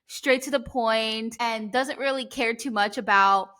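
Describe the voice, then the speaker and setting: A woman's voice: on the high side, unhurried, bright, forceful tone. A woman in her thirties from New Jersey, hosting a podcast in a chatty way with many fillers. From New Jersey, USA. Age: 30s. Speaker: podcast host. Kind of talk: casual interview chat.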